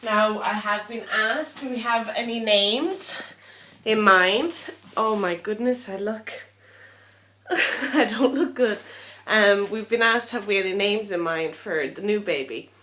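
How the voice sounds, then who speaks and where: A woman's voice: mid-range voice, slow, bright, forceful tone. A young woman chatting casually to camera in a vlog, tired and a little out of breath, rambling and frank with lots of ums. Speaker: vlogger.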